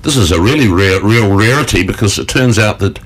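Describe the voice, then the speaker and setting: A rambling male radio presenter chatting in a studio. His voice sits low but moves up and down a lot, and he laughs often as he talks. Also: animated, brisk, slightly rough. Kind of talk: casual morning radio chat.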